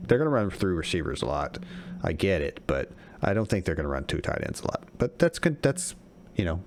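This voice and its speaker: A man's voice: low-pitched, sing-song, a little fast, a little hiss or hum. A man co-hosting a casual sports chat, talking in a confident, analytical way. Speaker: podcast co-host.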